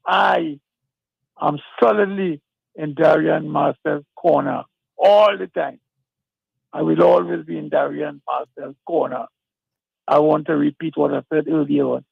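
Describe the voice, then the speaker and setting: A man's voice: sits high, gravelly, no room sound. A man calling in to a talk show, speaking emphatically and repeating himself, over a muffled phone line. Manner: emphatic, repetitive, insistent. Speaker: caller. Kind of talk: phone-in endorsement.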